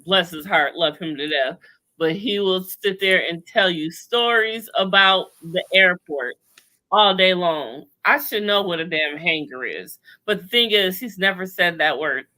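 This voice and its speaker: A woman hosting a casual chat over a video call, talking in an animated, sassy way with lots of slang and laughter. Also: fairly low pitch, measured pace. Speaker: podcast host recapping a TV show.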